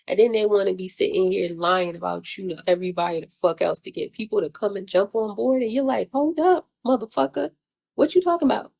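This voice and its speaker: A woman talks straight to the camera in a casual vlog. Her voice is gravelly and mid-pitched. She vents bluntly and swears freely, circling back to the same rhetorical questions. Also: darkish tone. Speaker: vlogger. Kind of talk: casual spiritual venting monologue.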